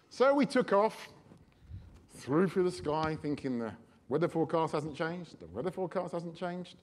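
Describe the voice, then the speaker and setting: A man preaching a sermon, telling a personal story in a chatty, animated way. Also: on the high side, normal speed.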